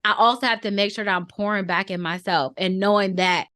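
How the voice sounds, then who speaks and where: In a podcast conversation, a thirtysomething woman with a steady mid-range voice tells a story about her family, captured with studio quality and no room sound. Earnest and thoughtful, she pauses to choose words carefully and keeps her feelings in check, growing gentler when things turn tender.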